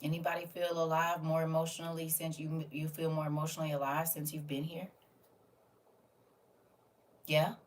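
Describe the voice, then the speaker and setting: A woman's voice: deep voice, far from the mic. A woman hosting a casual livestream, teasing and preaching to her chat. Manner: sassy, teasing, preachy, loud bursts of scolding. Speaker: livestream host teaching a class.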